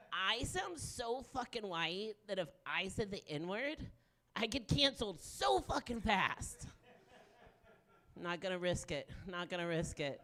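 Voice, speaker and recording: Lively, frank woman doing stand-up. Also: lowish voice. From Deep South of the US. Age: 40s. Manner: frank, self-mocking, animated punchlines. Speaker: stand-up comedian. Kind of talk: stand-up set.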